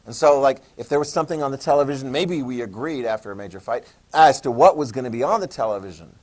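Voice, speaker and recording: A man's voice: medium pitch, fast, darkish tone. A man teaching a history class, joking and checking in with questions. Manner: jokey, asks the class questions, "okay?" checks. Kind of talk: classroom lecture.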